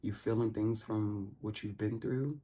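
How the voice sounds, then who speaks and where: A woman giving a casual tarot reading, talking in an animated, slangy, playful way and laughing often. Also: very deep voice, unhurried, a little hiss or hum. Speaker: tarot reader.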